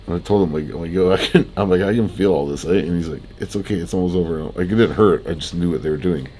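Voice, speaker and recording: A young man with a notably low voice tells his story casually, laughing as he goes and peppering it with swearing and fillers. He sounds groggy, as if just out of surgery, with a faint hiss of background noise under him. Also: quick pace, a little mellow. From Canada. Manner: laid-back, laughing often, swearing, rambling with many likes. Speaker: fitness vlogger. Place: hospital room.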